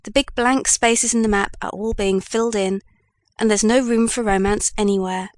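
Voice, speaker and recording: A woman voicing a kindly old male news editor in an audiobook, read in a measured way. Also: mid-range voice, fairly even intonation, lightly acted.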